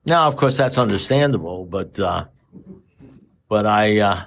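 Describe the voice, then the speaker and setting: A man's voice: on the low side, lively intonation, unhurried, creaky, fairly bright tone. A man telling his story at a recovery meeting, rambling and self-mocking with dry humor. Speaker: AA speaker sharing his story.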